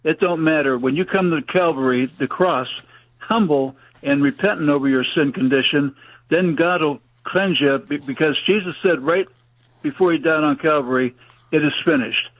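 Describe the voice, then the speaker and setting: A man preaches with urgent, fervent conviction and homespun grammar, his voice sitting a little high. He comes through a tinny phone line on a radio show, dry and close. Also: moderate pace, no room sound. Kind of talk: fast evangelistic preaching.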